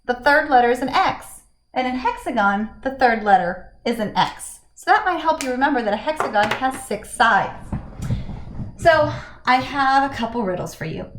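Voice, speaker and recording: Woman teacher, a bit high-pitched, patient and sing-song with small children, echoey home recording. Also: lively intonation, a little hiss or hum. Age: adult, married with a young son. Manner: slow, encouraging, sing-song questions to kids. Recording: echoey room.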